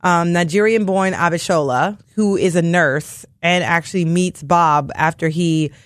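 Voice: mid-range voice, a little slow, fairly bright tone, no room sound, studio quality. An interviewer asking questions in a casual chat, rambling a bit and restarting questions with lots of "like" and "um".

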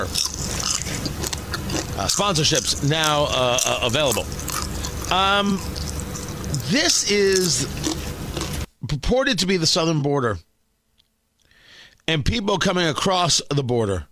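A man's voice: a little high, big pitch swings, takes it slowly, long pauses, background noise. A man hosting a morning radio talk show, giving emphatic, incredulous opinion commentary full of rhetorical questions. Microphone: studio microphone.

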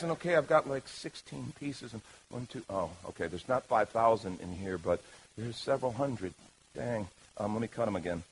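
A man preaching a sermon as pastor, lively and playful, swinging from loud calls to the crowd to quiet asides. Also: mid-range voice, a little fast, husky, rough recording.

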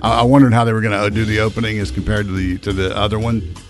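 A man's voice: fairly low pitch, flat delivery, faint music behind. A man hosting a morning radio show, chatting casually and upbeat with his co-hosts. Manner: upbeat, chatty, quick laughs.

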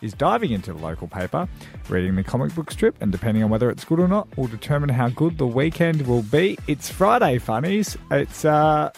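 A man's voice: medium pitch, sing-song, brisk, gravelly. Casting: male radio host, easygoing rambler, faint music underneath. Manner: rambling, restarts, reads comic strips aloud. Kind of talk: casual radio banter. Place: radio studio. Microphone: studio microphone.

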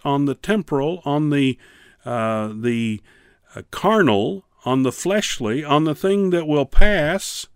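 A man teaching a Bible class on the radio, preaching in a fervent, pleading way with slow, emphatic pauses. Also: fairly high pitch, dry recording, studio quality. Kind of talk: radio sermon.

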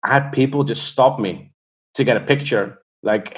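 A man's voice: on the low side, moderate pace, highs cut off. A man talking casually as a guest, hesitant and full of fillers as he tells stories and breaks down players. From Europe. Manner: hesitant, many fillers and restarts. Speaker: guest, hockey prospects analyst. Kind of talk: casual conversational storytelling and analysis.

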